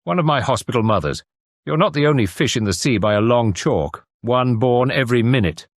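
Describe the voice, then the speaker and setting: A man voicing a brisk, cheerful family doctor in an audiobook, talking breezily. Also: mid-range voice, expressive, no room sound, clean studio sound, pitched above the performer's own voice.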